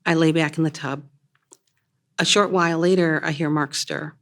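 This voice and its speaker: A woman reading her own first-person story aloud in a measured, plain storytelling manner. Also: sits low, steady tone.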